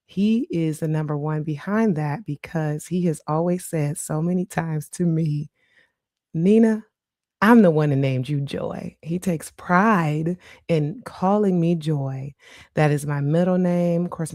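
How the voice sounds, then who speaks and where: A woman's voice: low voice, dry recording, clean studio sound. A middle-aged woman hosting her own podcast, talking casually and laughing often as she shares personal stories. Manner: warm, chatty, laughs often. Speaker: podcast host. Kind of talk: casual solo podcast monologue.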